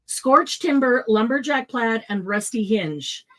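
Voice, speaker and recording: A woman's voice: a little high, animated, measured pace, low-quality recording. A middle-aged woman hosting a live craft supply sale, chatting casually, laughing often and listing product colors.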